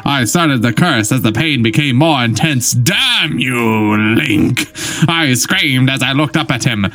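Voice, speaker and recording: A man's voice: medium pitch, moderate pace, a bit bright, faint music behind. A man doing a comedic dramatic reading of a fanfic, breaking into laughter as he goes. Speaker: fanfic reader.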